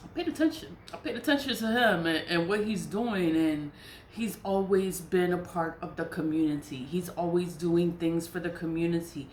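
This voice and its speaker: A woman rambles through a casual vlog story, circling back on her words and breaking into laughter. Her voice sits a bit low. The room around her is echoey with a faint hum. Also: normal speed, a little mellow. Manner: rambling, repetitive, laughs often. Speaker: vlogger. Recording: roomy echo.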